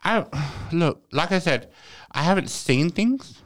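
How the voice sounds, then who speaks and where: A man's voice: high voice, expressive, slow pace, fairly bright tone. A man in casual podcast chat, reflecting on stories with his co-hosts. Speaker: podcast co-host.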